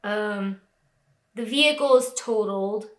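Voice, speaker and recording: A woman's voice: medium pitch, measured pace. A young woman crying as she talks through a personal vlog, with lots of "like" fillers. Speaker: vlogger. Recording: echoey room.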